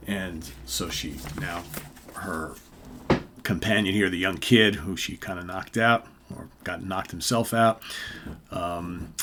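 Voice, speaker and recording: Low-voiced chatty middle-aged man hosting. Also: takes it slowly, bright, forceful tone, slight background noise. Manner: chatty, tags remarks with "right?"; reads comic captions aloud without much acting. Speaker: host. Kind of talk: casual comic book review.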